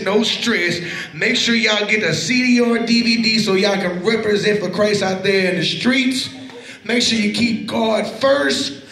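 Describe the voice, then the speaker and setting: Man, higher register, youth preacher: playful, laughing, hypes the crowd with call-and-response; roomy church sound. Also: fairly bright tone. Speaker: Christian hip-hop minister. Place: large church at a youth event. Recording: echoey church hall with crowd. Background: crowd reacting.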